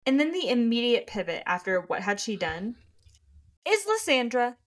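A woman's voice: on the high side, very animated, moderate pace. A young woman co-hosting a book podcast, enthusiastically discussing and reading passages aloud. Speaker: podcast co-host.

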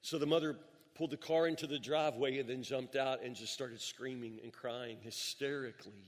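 Pastor guy preaching a sermon, medium pitch, big echoey church hall, tells a story and stumbles over a word now and then. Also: fairly even intonation, brisk. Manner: storytelling, with repeated words and emphatic rises. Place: church sanctuary. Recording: long reverb of a large hall.

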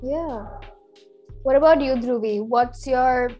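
A giggly, teasing woman in a casual podcast chat. Her voice sits very high and she talks at an unhurried pace, with faint music in the background. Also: mellow. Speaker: podcast co-host.

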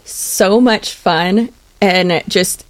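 Young female co-host, casual, giggly, rambling, mid pitch. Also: very slow. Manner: giggly, rambling storyteller with many fillers. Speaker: podcast co-host. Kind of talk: casual chat.

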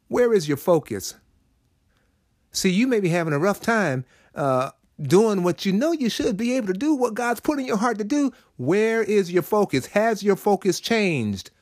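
A man's voice: high-pitched, dry recording, clean studio sound. A man hosting a short devotional segment, preaching in a conversational way with sudden rises and drops. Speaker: inspirational segment host.

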